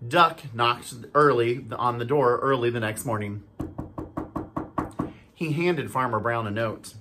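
A school staff member reading a storybook aloud to children, animated and stopping to ask them questions. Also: medium pitch, slow, noisy background. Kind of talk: storybook read-aloud for kids.

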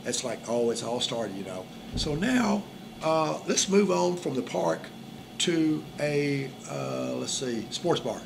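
This co-host gives dating tips in a loose, jokey conversation, speaking slowly in a somewhat high, expressive voice with vocal fry. He wanders as he talks, saying "and all" and "it's like" again and again, over a noisy background.

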